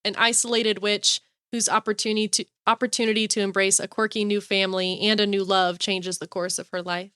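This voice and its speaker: A woman's voice: medium pitch, flat delivery, brisk, few pauses, sharp tone, clear, resonant tone, no echo, clean studio sound. A woman co-hosting a podcast, chatting casually and gushing about books with lots of "like" fillers. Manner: bubbly, gushing, many fillers like "like". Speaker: podcast co-host. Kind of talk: casual chat.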